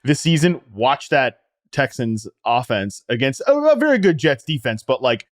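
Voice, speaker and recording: Quick, self-mocking fantasy football host. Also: male voice, medium pitch, sing-song, no room sound, clean studio sound. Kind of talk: casual sports analysis chat.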